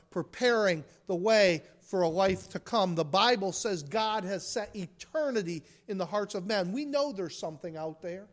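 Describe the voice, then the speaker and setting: A man with a high voice preaches a sermon as a pastor. He swings between hushed, quiet stretches and forceful, rising emphasis.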